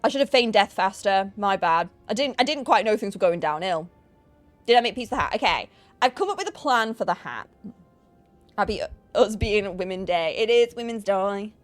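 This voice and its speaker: A woman's voice: mid-range voice, animated, normal speed, soft background music. A woman with a northern English accent chats with her stream while gaming, teasing and joking with her viewers. Her voice swings widely up and down as she talks. The sound is dry and close, with no room echo. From Yorkshire, England. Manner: chatty, teasing, jokey banter with chat. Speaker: game streamer. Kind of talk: casual live-stream chat while gaming.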